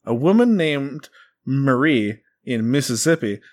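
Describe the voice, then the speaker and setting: A man's voice: medium pitch, expressive, measured pace, a little mellow. A man hosting a casual comedy podcast, reading strange entries aloud and often breaking into laughter.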